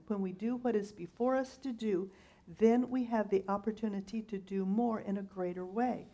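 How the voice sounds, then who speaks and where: A woman's voice: mid-range voice, dark tone. A middle-aged woman minister giving a sermon, relating a story in a conversational storytelling manner.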